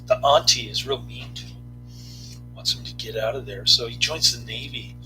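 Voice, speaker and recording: Very bright-voiced man rambling casually. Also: mid-range voice, soft background music, rough recording. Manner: halting, many fillers and restarts. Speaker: movie reviewer.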